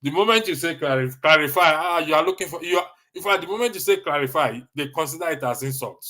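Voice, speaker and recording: A man's voice: a little high, fast talker, bright, forceful tone. A Nigerian man hosting a casual live stream, reading viewer comments with a jokey, teasing manner and frequent laughter.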